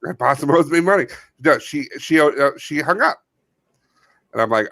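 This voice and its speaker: A man's voice: a little high, animated, normal speed, creaky, a bit bright, no room sound. A man co-hosting a comedy podcast, telling a rambling story in casual chat. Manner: rambling storyteller, playful bits. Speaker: podcast co-host.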